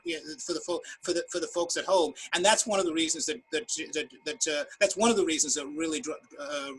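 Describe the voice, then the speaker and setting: A man on a video-call panel giving opinions in halting speech with many repeated words, a bit wry. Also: fairly high pitch, sharp tone, breathy edge, poor audio.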